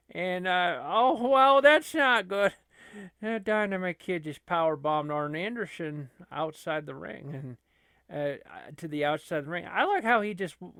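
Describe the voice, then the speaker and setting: Here a man with a fairly high, gravelly, rather bright voice hosts his channel while talking over a wrestling video game. He rambles loosely, leans on fillers, keeps restarting, and laughs between comments, all recorded without echo.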